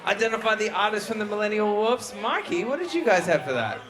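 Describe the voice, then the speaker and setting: A man hosting a live music trivia show, reading questions briskly and joking with the guests. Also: high-pitched, animated. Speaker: quiz show host. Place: live venue before an audience. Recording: live show with crowd audible. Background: audience crowd.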